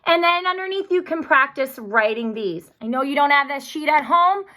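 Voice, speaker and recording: A woman teacher walks young children through a recorded spelling lesson. Her voice is bright and clear, pitched a little high. She speaks slowly and carefully and keeps encouraging them. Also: animated.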